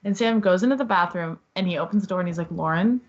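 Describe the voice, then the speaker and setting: A young woman telling a story in casual chat, animated and acting out quoted voices, with "like" all through it. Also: lowish voice, very fast. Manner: animated, acts out quoted voices, says "like" a lot. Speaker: podcast guest. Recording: dull lo-fi podcast audio.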